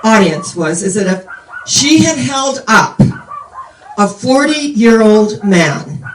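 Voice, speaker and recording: A woman's voice: mid-range voice, animated, slow pace, a little hiss or hum. Woman in her 70s preaching, rambly storyteller, sounds far off in an echoey room. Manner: meandering storytelling. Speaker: minister. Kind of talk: sermon.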